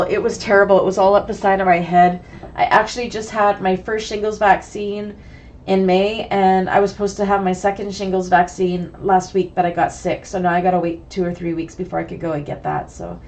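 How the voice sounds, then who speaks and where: Hoarse, sniffly woman teaching a sewing class. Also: medium pitch. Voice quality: raspy. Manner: chatty, greets viewers by name. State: sick with a cold, hoarse and sniffly. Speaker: bag-making sewing instructor. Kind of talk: chatty live online class.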